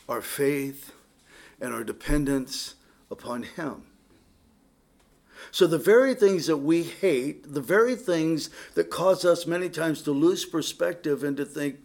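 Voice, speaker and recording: A man with a fairly high, gravelly, slightly mellow voice preaches a conversational sermon a little slowly. He's earnest, often restarts his sentences, and speaks directly to his listeners with asides.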